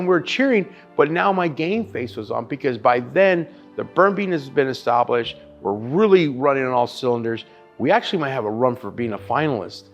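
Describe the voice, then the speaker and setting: A man in his thirties, a barbecue restaurant chef-owner, telling his story in a casual interview, animated and swearing freely, calling the listener dude and brother. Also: medium pitch, a little fast, lo-fi sound, soft background music.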